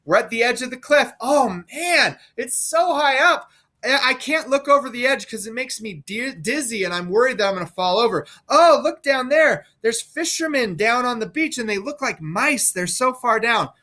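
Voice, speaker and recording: A man voicing a young son who tricks his blind father, retold in excited modern slang. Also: very high voice, moderate pace, few pauses, voice pushed up.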